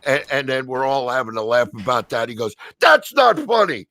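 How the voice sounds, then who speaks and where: A man telling a story in casual chat, swearing freely and loudly acting out the lines of the people in it. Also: mid-range voice, fast talker, no room sound. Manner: profane, animated storyteller acting out quotes loudly.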